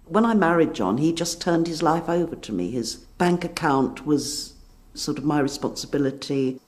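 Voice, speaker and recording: An older woman in an interview, reflecting on her past in a soft, hesitant way. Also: sits low, animated, normal speed. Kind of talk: reminiscing interview.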